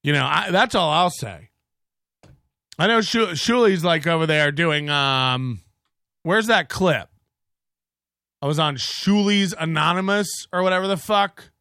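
A man's voice: fairly high pitch, unhurried, pauses often, pushed and bright, dry recording, clean studio sound. A middle-aged man hosting a podcast, ranting in a profane, mocking, rambling way. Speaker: podcast host. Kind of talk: casual rant reading chats.

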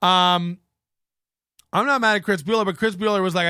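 A man hosting a casual livestream, rambling along in a blunt, sarcastic way. His voice sits high and sounds bright and forward. The recording is close and dry. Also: animated, normal speed, dry recording. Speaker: host.

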